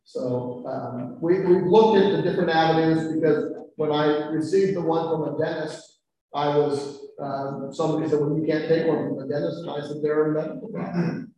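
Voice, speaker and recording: A man's voice: on the high side, fairly even intonation, normal speed, mellow. A man explaining rules matter-of-factly at a public meeting. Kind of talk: answering questions at a public meeting. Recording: echoey room, distant, dull sound.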